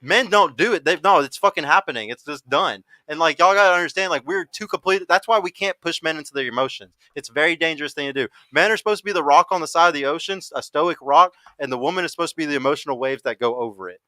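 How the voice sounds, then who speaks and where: Fast-talking blunt male podcast host. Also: on the high side, pushed and bright, no room sound. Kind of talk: casual panel chat.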